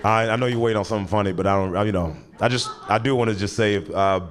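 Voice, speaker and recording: A man's voice: lowish voice, fairly even intonation, racing, background noise. A young man doing stand-up comedy, telling stories in a loose, conversational way and laughing often. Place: comedy stage with audience.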